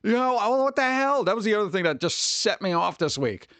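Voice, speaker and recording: A man's voice: high-pitched, sing-song, a little fast, a bit bright, no room sound. A man in his forties, hosting a stream in casual chat, ranting and swearing lightly about everyday annoyances. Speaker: streamer host.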